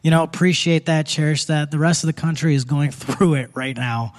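A man's voice: on the high side, fairly even intonation, a little fast. A young man with an Indian accent doing a live stand-up set on a theater stage, punchy and conversational, with asides to the crowd. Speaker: stand-up comedian. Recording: live theater audience audible.

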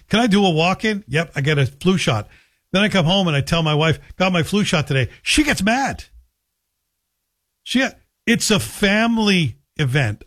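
A middle-aged man hosting a talk radio show in a chatty, joking monologue. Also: mid-range voice. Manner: chatty, joking, self-deprecating. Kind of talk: casual monologue.

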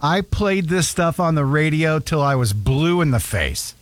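A man's voice: a little high, animated, a little slow, no room sound. A man in his fifties hosting a casual radio show, joking and wry. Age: 50s. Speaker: radio host.

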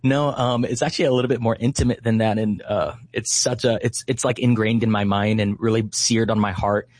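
A man in his thirties, a ministry leader, telling a heartfelt story in conversation, often pausing with "uh" and "you know". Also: fairly low pitch, steady tone, a little mellow, dry recording.

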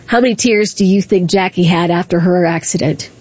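A woman's voice: on the low side, brisk, darkish tone, breathy edge. A woman hosting talk radio, speaking in a combative, indignant way with repeated rhetorical questions.

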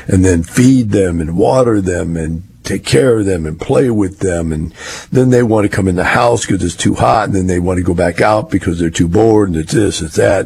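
A man's voice: deep voice, gravelly, darkish tone, breathy edge. An older man telling rambling, folksy stories in a casual monologue. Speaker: real estate investor.

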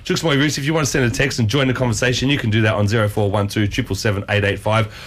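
A man's voice: on the low side, steady tone, rapid-fire. An Australian man in his forties hosting a breakfast radio show, chatty, upbeat and rambling. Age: 40s. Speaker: radio host. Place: radio studio.

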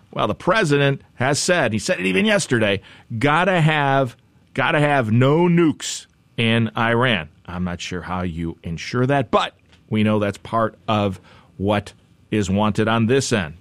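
A man's voice: mid-range voice, expressive, measured pace, a bit bright, dry recording. Wry, chatty male news talk host. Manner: wry, chatty asides and repeated phrases. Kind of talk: conversational news commentary.

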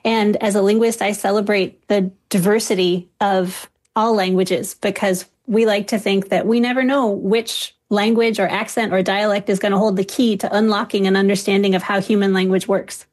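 A woman linguist speaks as a radio guest, explaining ideas clearly and at an even pace. Her voice sits mid-range for a woman. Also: mid-range voice, normal speed, few pauses. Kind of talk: explanatory interview talk.

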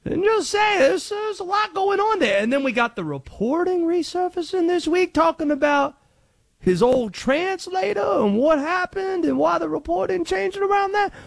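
A man doing an excitable, conspiracy-minded character with a put-on Cajun accent, loud and drawling. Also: very high voice, normal speed, creaky, no echo, voice pushed up, exaggerated voice. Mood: suspicious. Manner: loud, drawling, shouting and rambling.

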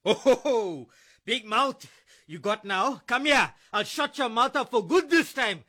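An actor playing a drunk, abusive ex-husband who is a bullying cop, slurring and taunting. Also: male voice, extremely high pitch, expressive, a little slow, pushed and bright, full character voice.

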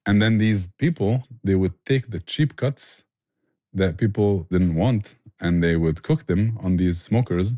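A man's voice: low voice, a little slow, dark tone, dry recording, clean studio sound. A man, a barbecue restaurant owner answering interview questions earnestly and enthusiastically, often restarting his phrases.

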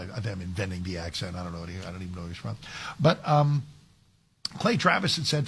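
Male talk radio host, husky, emphatic opinion delivery. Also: deep voice, expressive, fast, a bit bright. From Texas. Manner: emphatic, with frequent restarts and asides. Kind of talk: conservative talk radio commentary.

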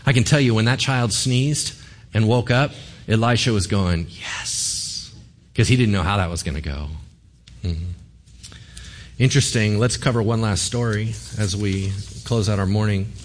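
A pastor preaching a sermon to a congregation, telling a story with humor and acting out voices. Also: male voice, lowish voice, normal speed.

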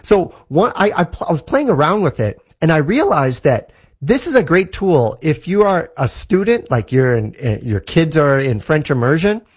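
Husky enthusiastic man explaining tech. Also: fairly high pitch, big pitch swings, normal speed, dull audio. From Canada. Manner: enthusiastic, explains with examples, many fillers. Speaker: tech guest. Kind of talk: casual explainer chat.

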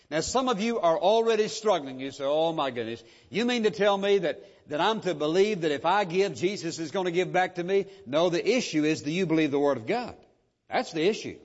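A man preaching a sermon as pastor, with an emphatic, repetitive preaching cadence. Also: sits high. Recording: muffled recording with long hall reverb.

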